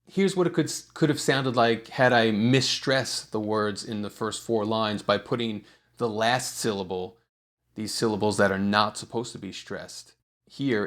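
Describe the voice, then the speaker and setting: A man teaching songwriting in a relaxed, explanatory way, with frequent fillers and restarts. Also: on the low side, measured pace. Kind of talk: casual instructional talk.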